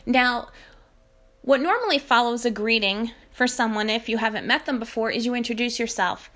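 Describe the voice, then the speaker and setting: A woman giving a casual spoken language lesson. She explains patiently and says the example phrases slowly and carefully. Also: a little high, a bit bright, soft background music. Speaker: language teacher.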